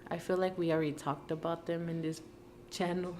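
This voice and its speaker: Sleepless, giggly woman co-host, lowish voice, steady hiss behind her. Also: fairly quick. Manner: giggly, loses her train of thought. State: tired from no sleep. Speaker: mukbang co-host. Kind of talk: casual chat.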